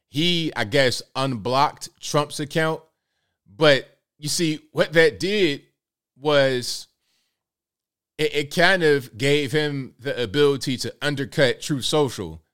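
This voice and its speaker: Hosting a live political commentary program, a man addresses his viewers plainly and folksily, going over points again for emphasis. His voice is medium in pitch with a fairly bright tone.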